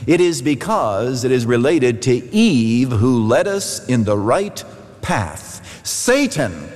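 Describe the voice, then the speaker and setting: A man's voice: medium pitch, big pitch swings, slow, a little mellow. A man preaching a sermon as pastor, telling a story with emphatic rises and drops. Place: large church. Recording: long hall reverb.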